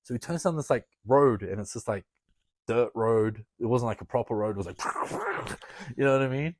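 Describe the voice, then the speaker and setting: A wrestler guest on a podcast, telling a story casually, swearing often and laughing between lines. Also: male voice, mid-range voice, fast, a little mellow, dry recording. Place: podcast studio.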